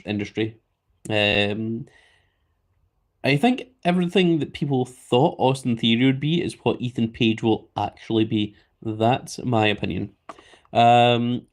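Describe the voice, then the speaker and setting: A Scottish man live streaming in a casual way, reading viewer comments aloud and chatting back. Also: mid-range voice. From Scotland.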